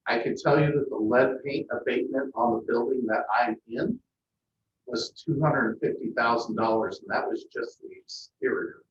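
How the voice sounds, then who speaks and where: A man speaking at a public meeting as airport manager, plainspoken and hesitant with frequent pauses. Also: medium pitch, noisy background. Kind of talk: meeting discussion. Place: council meeting room. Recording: echoey, distant, muffled meeting audio.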